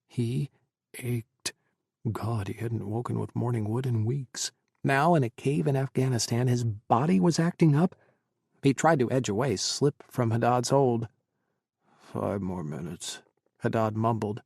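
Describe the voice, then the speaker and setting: A man narrating an audiobook in an even, measured reading. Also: medium pitch, creaky, dry recording, studio quality. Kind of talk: scripted narration.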